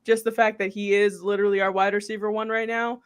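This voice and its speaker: A woman's voice: medium pitch, level tone, fast, smooth. Chatty female podcast co-host. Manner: chatty, lots of 'like', thinking aloud. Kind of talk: casual podcast chat.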